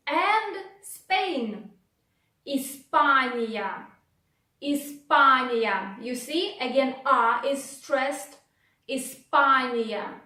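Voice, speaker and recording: A woman teaching a language lesson, drilling words slowly and repeating each one several times. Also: high voice, pushed and bright. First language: Russian. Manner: drills words by slow repetition. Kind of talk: slow, clear pronunciation lesson. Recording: echoey room, voice a little far from the mic.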